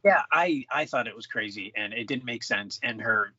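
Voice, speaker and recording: Lively, halting podcast co-host. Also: mid-range voice, husky, dry recording, dull audio. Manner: hesitant, restarts, exasperated. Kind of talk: casual movie review chat.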